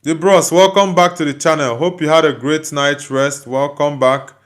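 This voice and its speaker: A man's voice: a little high, steady tone, moderate pace. A Nigerian man, a native Igbo speaker, hosting a casual livestream and chattily answering viewer comments he reads aloud. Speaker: host.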